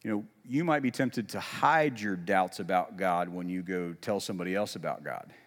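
A man's voice: sits low, normal speed, a bit bright. Conversational male pastor in a reverberant hall. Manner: conversational, self-deprecating humor, rising emphasis on quotes. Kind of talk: sermon.

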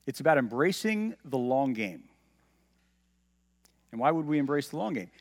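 A man's voice: mid-range voice, sing-song, normal speed, long reverb tail. A male pastor preaching a sermon, teaching and asking the listeners questions, and reading scripture aloud with emphasis. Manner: teaching, asks the congregation questions.

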